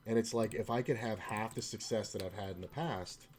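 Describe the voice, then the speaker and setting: A man with a fairly low voice talks casually at his desk, rambling and restarting sentences as he tells a story. He sounds low-key and discouraged. Faint keyboard typing can be heard behind him. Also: brisk, a little mellow, a little hiss or hum. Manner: rambling, self-interrupting, quotes others in his own voice. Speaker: poker streamer. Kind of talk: casual storytelling while playing.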